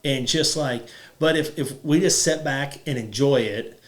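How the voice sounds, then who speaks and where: A man's voice: medium pitch, a little slow, a bit bright. A man in his thirties hosting a podcast, talking casually and rambling with lots of "like" fillers. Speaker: podcast host. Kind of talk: casual chat.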